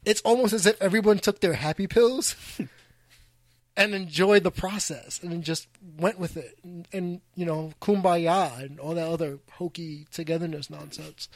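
A man from New York hosting a casual podcast chat, animated and joking, often restarting his sentences. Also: fairly high pitch, measured pace, no room sound. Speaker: podcast host.

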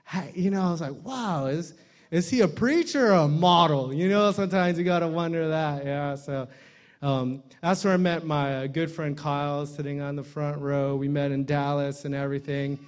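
A man's voice: a little high, moderate pace. A man, a guest pastor opening his sermon with jokes and playful put-on voices. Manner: joking, playful, does voices and accents.

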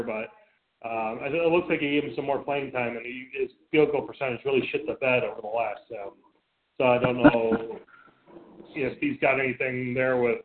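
A man co-hosting a radio show, talking sports in a blunt, profane way with many stammered restarts. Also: medium pitch. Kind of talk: casual sports talk. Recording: phone-like lo-fi sound.

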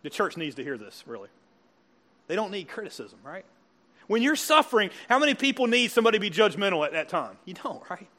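Man, pastor, sermon in church, high voice, bright and forceful, chatty, quizzes the congregation. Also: sing-song, fast. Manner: conversational, quizzes the congregation with frequent questions. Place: church service before a congregation.

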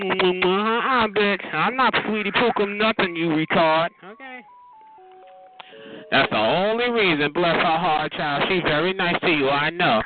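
A man's voice: sits high, a little slow. A man hosting a call-in show, sassy and cutting as he roasts a caller, calling people honey and child. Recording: tinny phone line with crowd noise.

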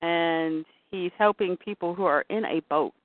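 A woman's voice: on the low side, a little slow, no echo. A woman casually retelling a comic book issue scene by scene and slipping into the characters' lines as she goes. Her voice comes through thin and phone-like, with a dry, close sound.

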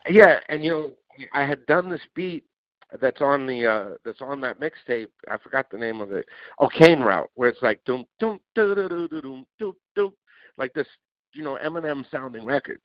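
Casting: male podcast guest, lively storyteller, swears freely, acts out dialogue; muffled, dry recording. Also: medium pitch, moderate pace, dry recording. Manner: animated, swears, acts out quotes. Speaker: interview guest, music producer. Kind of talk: casual storytelling. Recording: dull lo-fi dry sound.

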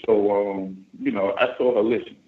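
A man from the United States calls a radio show over a phone line, with a little hiss or hum, and tells a rambling, casual story packed with fillers and restarts. He has a fairly low, steady voice and a moderate pace.

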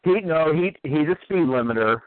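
Excitable higher-voiced man on a phone line. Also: normal speed, no echo. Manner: laughs often, excited rambling. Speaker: podcast guest. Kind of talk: casual chat. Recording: phone-like narrow line, dry.

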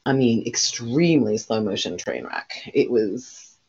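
In a dull lo-fi recording, a woman co-hosting a podcast chats casually in a rumbling low, expressive voice that's a little slow, darkish and edged with breath. She rambles, swears freely and leans on plenty of fillers.

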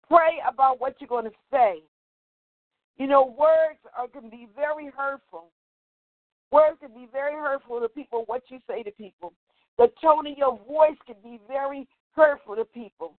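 A woman's voice: sits high, no echo. An older woman minister preaching a sermon, fervent and repetitive, chanting calls to prayer over and over. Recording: dry phone-line sound.

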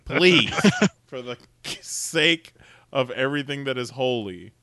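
A man's voice: medium pitch, animated, slow, sharp tone, no room sound. A man co-hosting a podcast in casual chat, ranting with plenty of swearing and frequent laughs. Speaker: podcast co-host.

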